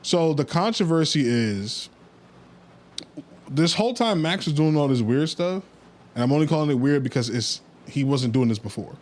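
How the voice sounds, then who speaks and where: A man's voice: fairly high pitch, animated, normal speed, a little mellow. A man hosting a podcast, recounting a story in casual chat with blunt, laid-back opinions. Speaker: podcast host.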